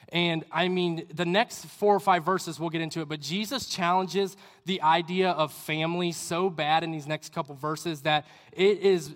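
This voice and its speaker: A man's voice: a little high, fairly bright tone. A young adult man giving a sermon in a church hall, earnest and conversational, with rambling asides. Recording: reverberant hall.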